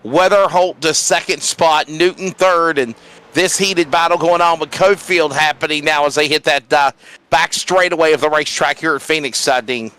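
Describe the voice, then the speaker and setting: A man doing play-by-play for an online sim race, energetic and often restarting his sentences. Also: fairly high pitch, normal speed, a little hiss or hum, poor audio. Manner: energetic, with frequent fillers and restarts. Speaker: play-by-play commentator. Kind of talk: sim racing commentary.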